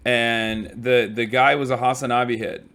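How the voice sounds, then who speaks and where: A tired man streaming from a hotel room, telling stories in a casual, profane, animated way. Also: medium pitch, measured pace. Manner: profane, animated storytelling with mock quotes.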